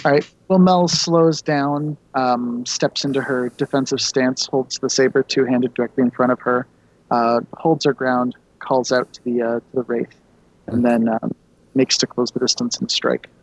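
A man's voice: medium pitch, fairly even intonation, normal speed, dry recording, poor audio. A man playing a tabletop role-playing game, describing his character's actions step by step with fillers. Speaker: player.

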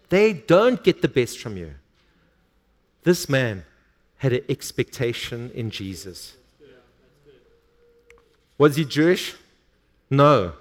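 A man's voice: mid-range voice, expressive, takes it slowly, pauses often. A male pastor preaching a sermon, reading scripture aloud and stressing words emphatically.

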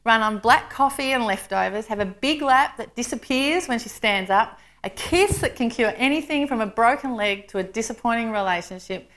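Eager, devoted male Creator read by a woman, earnest and animated. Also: on the high side, normal speed, hardly any pauses.

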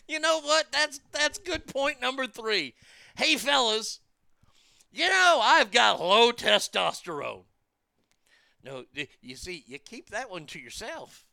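A man's voice: very high voice, vocal fry, bright, forceful tone, clean tone, dry recording. A man delivering a profane, mocking comedic rant, stumbling over restarts as he tells the story.

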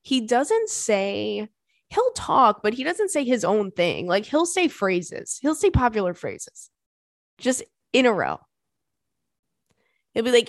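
A woman's voice: a little high, wildly swooping pitch, slow, pauses often, no room sound, studio quality. A young adult woman hosting a podcast, telling candid stories in a chatty, oversharing way with swearing and laughter. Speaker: podcast host. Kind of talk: casual chat.

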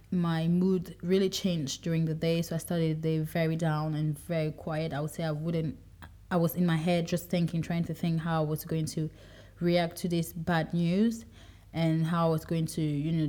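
Young woman podcasting alone, low mellow voice, rambly and reflective, lots of likes and restarts. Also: fairly even intonation, normal speed. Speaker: podcast host. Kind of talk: casual personal podcast monologue.

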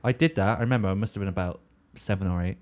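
Low-voiced joking man. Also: a little mellow. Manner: joking, teasing, quick banter. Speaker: podcast host. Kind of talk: casual chat.

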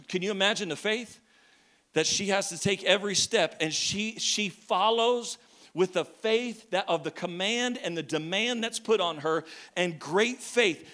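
Bright, high-voiced male preacher; animated, joking sermon delivery. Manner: lively storytelling, jokes with the congregation, shouts at times.

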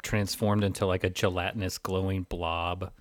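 A man co-hosting a podcast in casual chat, joking dryly and often pausing on filler words. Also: sits low, flat delivery, no room sound, clean studio sound. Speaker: podcast co-host.

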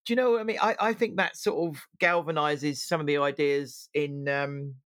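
A man's voice: on the high side, fairly even intonation, moderate pace, fairly bright tone, no room sound. A man co-hosting a casual chat show, talking loosely with many fillers and restarts. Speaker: podcast co-host.

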